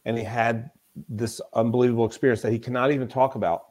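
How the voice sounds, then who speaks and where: A man's voice: medium pitch, flat delivery, fast talker, darkish tone. Emphatic man telling stories as a guest. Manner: emphatic, storytelling, often repeats himself. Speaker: podcast guest, mental toughness coach. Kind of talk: conversational interview.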